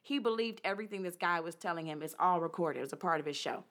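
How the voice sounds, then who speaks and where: A woman co-hosting a casual talk show, retelling stories in a chatty, animated way. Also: on the low side, fast. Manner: chatty storyteller, acts out quotes. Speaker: podcast co-host. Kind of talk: casual chat.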